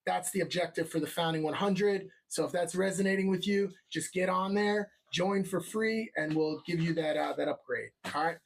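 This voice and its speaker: A man hosting a live show who rambles loosely, keeps checking in with the audience, and slips into an upbeat promotional pitch. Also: normal speed, vocal fry, few pauses. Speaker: show host.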